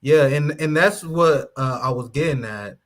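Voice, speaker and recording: A man's voice: a little high, unhurried. Conversational man on a podcast panel. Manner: conversational, with frequent fillers and restarts. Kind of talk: casual panel discussion.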